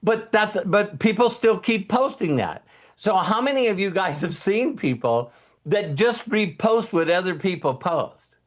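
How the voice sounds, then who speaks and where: Male host with a slightly high voice, rambling and animated casual motivational talk. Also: unhurried. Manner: rambling, animated, often acts out quoted people.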